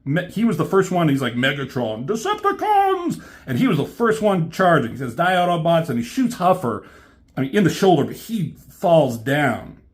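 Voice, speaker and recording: A man reviewing a comic in a casual, rambling way, swearing often and filling pauses with ums. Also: on the high side, very animated. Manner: rambling, swears a lot, many fillers. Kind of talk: casual chat.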